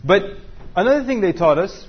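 A man's voice: high voice, lively intonation, a little fast, muffled recording, background noise. A man teaching a class, joking and asking the room questions. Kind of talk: interactive class talk with students.

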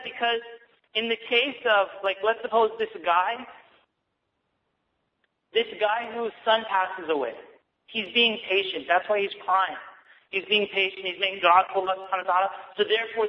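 A man with a high voice gives a casual religious talk, chatty and quick to laugh as he acts out little scenes. The sound is dull and carries a long reverb from a large hall. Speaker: Islamic teacher.

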